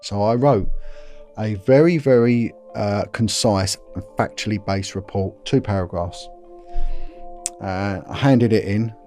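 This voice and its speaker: A middle-aged man, a former police officer, recounting events in an interview in an earnest, grave way, halting often and repeating words as he restarts. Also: lowish voice, a little mellow.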